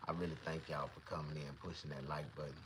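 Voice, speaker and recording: A man vlogging to camera, telling a comedic story in a profane, boastful, animated way. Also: a bass voice, fast, background noise.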